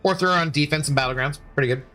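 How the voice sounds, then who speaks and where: A man's voice: a little high, rapid-fire, pushed and bright. Chatty man streamer with faint music. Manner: rambling, playful, self-correcting. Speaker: livestreamer. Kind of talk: casual stream chat, reading chat aloud.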